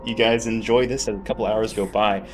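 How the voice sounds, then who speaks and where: A man's voice: fairly low pitch, fairly even intonation, brisk, soft background music. A man narrating a tabletop game as game master, in loose narration full of fillers.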